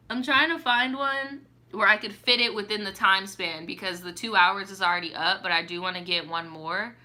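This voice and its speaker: A woman's voice: mid-range voice, moderate pace, few pauses, pushed and bright, slight background noise. A young woman hosting a casual live stream, reading viewer stories aloud and reacting to them in slang. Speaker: storytime YouTuber.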